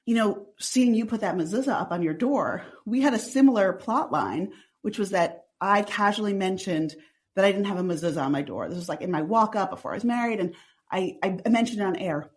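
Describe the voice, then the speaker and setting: Woman, talks fast n chatty, tons of "like", podcast guest. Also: medium pitch. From Long Island, New York. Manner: says "like" constantly, chatty and animated. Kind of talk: casual chatty interview.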